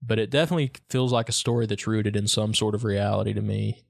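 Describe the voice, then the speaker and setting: Male podcast co-host, lowish voice, relaxed and jokey in casual chat. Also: quick pace, vocal fry.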